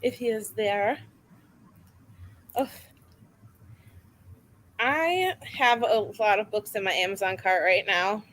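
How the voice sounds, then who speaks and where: A young woman hosting a casual reading stream from home, chatty and animated, laughing at herself often. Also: mid-range voice, slow pace, pauses often, poor audio. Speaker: host of a reading sprint stream. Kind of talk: casual chat. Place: home, near her kitchen.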